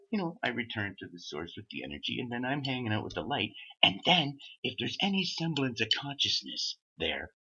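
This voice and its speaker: A man's voice: low-pitched, pushed and bright, husky. A man telling a rambling, profane story, swearing often and laughing at himself. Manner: swearing, laughing at own stories. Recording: dull lo-fi audio.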